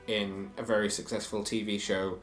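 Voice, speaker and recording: A man's voice: fairly low pitch, level tone, moderate pace, soft background music. Opinionated man chatting, roomy sound. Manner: opinionated, reads quotes aloud. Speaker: podcast co-host. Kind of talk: casual chat.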